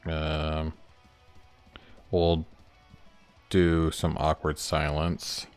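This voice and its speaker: A man's voice: rumbling low, completely flat delivery, very slow, clean tone, soft background music. A man livestreaming as he builds his game, thinking aloud, rambling and chuckling as he works through each step. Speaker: indie game developer streaming his work. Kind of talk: casual livestream, thinking aloud while working.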